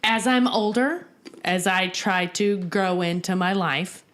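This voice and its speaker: A woman's voice: fairly low pitch, takes it slowly, a bit bright. Chatty woman podcast co-host. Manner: chatty storyteller, many "like" fillers. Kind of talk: casual chat.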